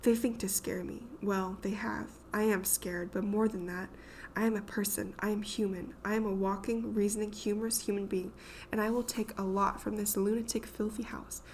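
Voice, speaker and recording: A woman voicing a fragile, frightened young woman, speaking her thoughts in hushed whispers. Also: medium pitch, level tone, moderate pace, slight background noise, natural voice. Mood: defiant whisper.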